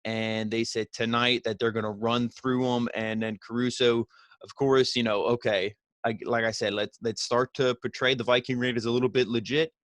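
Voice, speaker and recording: A man's voice: medium pitch, level tone, moderate pace, fairly bright tone, no room sound. A man giving a casual, rambling recap of a wrestling show, full of fillers and the odd swear word.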